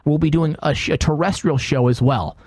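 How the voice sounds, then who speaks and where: A man's voice: fairly high pitch, fairly quick, a little mellow, no room sound, studio quality. A man hosting a comedy podcast, reading an ad and announcing schedules in a loose, rambling way. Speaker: podcast host. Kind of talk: casual podcast talk and ad reads.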